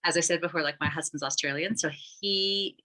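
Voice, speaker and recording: A woman's voice: low voice, fairly quick, pushed and bright, rough recording. A woman explaining an app she founded, talking loosely with fillers and restarts. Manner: rambling, many restarts and fillers. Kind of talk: conversational explanation.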